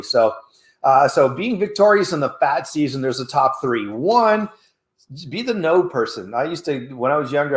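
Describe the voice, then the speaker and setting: A man hosting a fitness show, giving coaching tips in a casual, animated way and acting out little exchanges in a higher voice. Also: roomy sound. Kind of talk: motivational casual talk.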